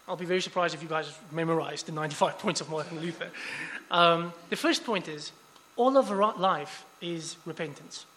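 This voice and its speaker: High-voiced man preaching in an echoing hall. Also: fairly quick, few pauses, slight background noise. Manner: conversational, many restarts, animated asides. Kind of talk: sermon. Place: church hall. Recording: long hall reverb.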